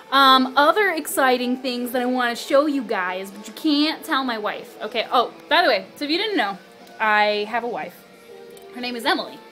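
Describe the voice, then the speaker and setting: A bubbly, hyper young woman talks straight to her handheld camera in her apartment, her voice sitting a little high. She rambles casually, swears freely and jumps into excited squeals. Light music plays underneath. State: hyper and spazzy. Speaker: vlogger. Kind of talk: casual vlog chat. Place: apartment living room.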